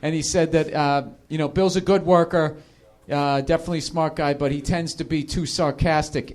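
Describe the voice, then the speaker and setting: A man hosting a podcast, telling casual comedic stories in a profane way, laughing and slipping into animated impressions. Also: fairly high pitch. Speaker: podcast host.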